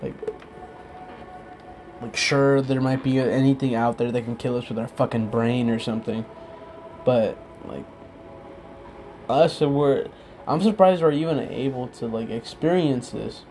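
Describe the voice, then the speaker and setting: A drunk young man talking in a casual, rambling monologue, halting often, losing his thread and swearing freely. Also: medium pitch, a little mellow, faint music behind.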